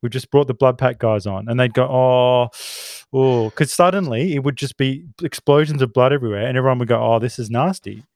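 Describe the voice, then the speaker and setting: Podcast co-host, male, animated, casual and profane, dry close sound. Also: mid-range voice, fast, hardly any pauses, no echo. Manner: animated, swears freely, acts out quotes. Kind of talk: casual film discussion.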